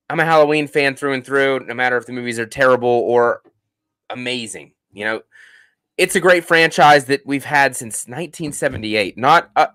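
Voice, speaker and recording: A man hosting a casual live stream, reading out viewer comments in an animated and jokey way, with many fillers and restarts. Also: mid-range voice, dry recording. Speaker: host of a horror movie channel.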